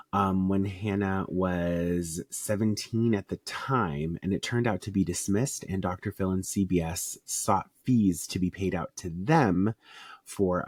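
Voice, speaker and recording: A man's voice: low-pitched, a little mellow, slightly rough, dry recording, studio quality. A man from Arizona co-hosting a podcast in casual chat, sarcastic and profane, cracking jokes as he reads through a story. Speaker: podcast co-host.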